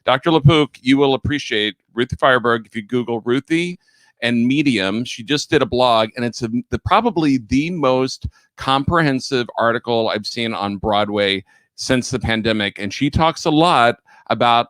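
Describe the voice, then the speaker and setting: A man's voice: mid-range voice, normal speed, fairly bright tone, dry recording. Chatty man co-host, dry sound. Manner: chatty, rambling with restarts. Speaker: co-host of a livestreamed talk show. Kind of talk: casual chat.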